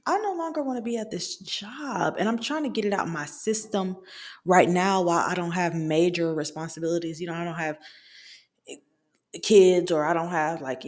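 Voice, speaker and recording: Candid young woman podcaster, lowish voice. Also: a little mellow. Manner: candid, venting, conversational with fillers. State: hiccups. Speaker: podcast host. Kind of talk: casual chat.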